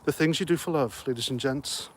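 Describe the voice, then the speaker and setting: A middle-aged man with a medium-pitched, slightly rough voice hosts a casual livestream at a brisk pace. He reads out comments and chats in a rambling, jokey way, sounding a little out of breath.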